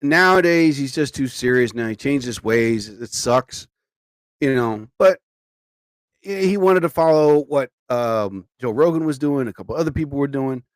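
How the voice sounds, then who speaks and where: A man's voice: mid-range voice, lively intonation, moderate pace, no room sound. Sleepy rambling man on a dry mic. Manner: rambling, chatty, exclaims "oh my God" often. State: sleepy, tired. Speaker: live show host. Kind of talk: casual live-stream chat. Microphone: studio mic.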